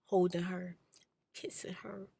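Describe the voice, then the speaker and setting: A woman runs an ASMR channel and recounts her personal story softly, candidly and bluntly, sometimes sinking to a whisper. Her lowish voice is flat, unhurried and creaky with a breathy edge, recorded without echo.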